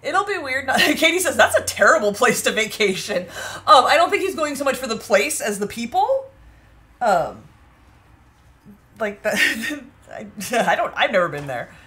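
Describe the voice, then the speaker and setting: Giggly woman co-host, bright and animated, reading chat comments in a casual home vlog. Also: fairly high pitch, moderate pace. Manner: giggly, chatty, reads viewer comments aloud.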